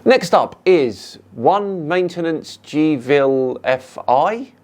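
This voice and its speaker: A man with a British accent, calmly and sarcastically answering viewer comments as a channel host. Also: on the high side, slow. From United Kingdom. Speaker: YouTube science debunker host.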